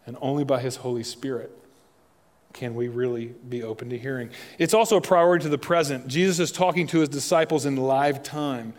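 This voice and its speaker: A man's voice: mid-range voice, fairly quick. Man preaching in a reverberant hall. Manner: swings from loud emphatic preaching to soft, hushed appeals; asks the listeners direct questions. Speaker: pastor. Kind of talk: sermon. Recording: long reverb of a large hall.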